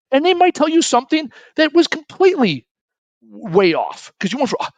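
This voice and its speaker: A middle-aged man giving a casual solo talk as an author, animated and self-correcting, acting out the people he quotes. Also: high voice, quick pace, no room sound. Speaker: author and speaker. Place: home studio, shooting remote.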